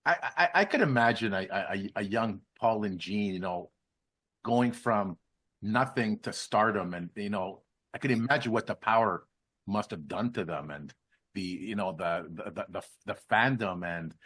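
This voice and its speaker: A man's voice: on the low side, lively intonation, normal speed, a bit bright, breathy edge. A man hosting a podcast interview, asking long rambling questions full of restarts and fillers. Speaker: podcast host. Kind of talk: interview questions, casual chat.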